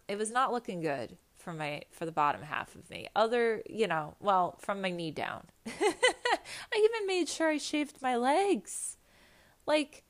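A woman telling a personal story in a chatty, animated, self-mocking way, with quick asides and restarts. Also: medium pitch. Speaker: storyteller recounting a hospital visit. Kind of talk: casual storytelling monologue.

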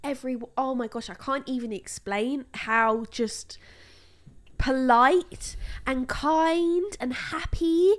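High-voiced woman teasing her co-host. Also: takes it slowly. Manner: teasing, chatty reactions. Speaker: podcast co-host. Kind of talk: casual chat.

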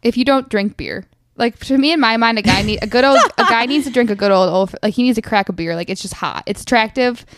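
A woman co-hosting a casual chat podcast, talking in an emphatic, opinionated way, full of fillers. Her voice sits a little high. The sound is dry and close. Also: quick pace, no echo. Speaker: podcast co-host.

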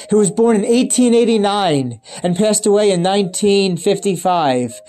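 A man's voice: high-pitched, dark tone. Casual male host, rambling, repeats phrases, faint music beneath. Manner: chatty, rambling, repeats himself. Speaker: channel host. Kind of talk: casual spoken sign-off.

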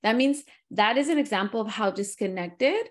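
A woman hosting a casual conversation who switches between English and Spanish mid-sentence, animated and quick to laugh. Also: fairly high pitch.

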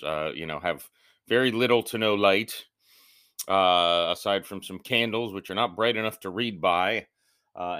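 A man with a low, deep voice hosts his own podcast, chatting casually on his own. His talk wanders and he pokes fun at himself as he goes. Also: bright, forceful tone, clean tone. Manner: rambling, loose and self-deprecating. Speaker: podcast host. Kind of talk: casual solo podcast intro.

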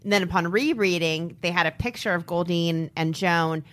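A woman's voice: fairly low pitch, normal speed, fairly bright tone. A woman co-hosting a podcast, chatting casually with many "like"s and frequent laughs. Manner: chatty, laughs often, heavy use of "like". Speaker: podcast co-host. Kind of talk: casual true-crime podcast chat.

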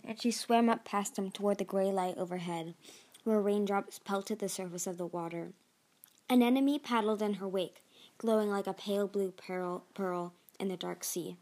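A woman hosting her own podcast, reading a novel chapter aloud with steady narration and the odd slip and restart. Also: medium pitch. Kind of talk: audiobook-style narration.

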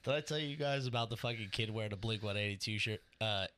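A young man co-hosting a podcast, telling a story in casual chat with an animated, profane delivery. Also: lowish voice, quick pace, faint music behind. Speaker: podcast co-host.

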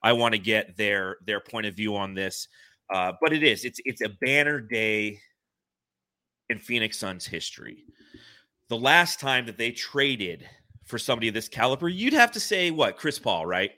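Young guy on a sports podcast, bright voice, all hyped up and dramatic, trips over his words. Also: on the low side. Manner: excited, dramatic, repeats words when rushing. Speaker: podcast co-host. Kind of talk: late-night live sports podcast chat.

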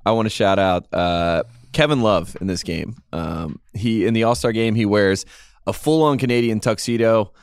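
A man's voice: fairly low pitch, moderate pace, vocal fry, smooth, no room sound, clean studio sound. A man co-hosting a casual sports podcast, ranting in exasperated complaints. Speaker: podcast co-host.

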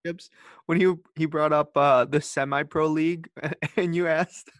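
A man co-hosts a podcast and keeps the chat light with jokes and teasing. His voice sits a little high for a man. The recording is dry, with no room echo. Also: steady tone, normal speed, fairly bright tone. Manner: joking, teasing, chatty. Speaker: podcast co-host. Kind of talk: casual chat.

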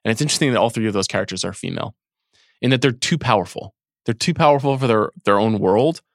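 A man co-hosting a podcast, talking through a film at length in a relaxed, analytical way. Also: lowish voice, quick pace, no echo, clean studio sound. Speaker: podcast co-host. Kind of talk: casual film discussion.

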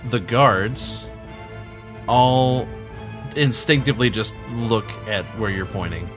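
A man's voice: on the low side, slow, fairly bright tone. Laid-back male game master narrating a tabletop game over music.

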